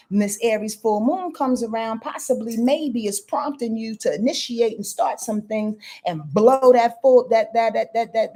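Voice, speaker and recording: A woman astrologer giving lively, slangy live-stream readings, answering viewers by name and swearing freely. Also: a little high. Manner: animated, slangy, swears freely, reads viewer comments aloud.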